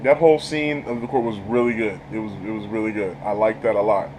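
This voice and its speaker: Excited rambling man reviewing a show. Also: fairly low pitch, fast, a little hiss or hum, rough recording. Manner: enthusiastic, laughs a lot, rambling. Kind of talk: casual spoken review.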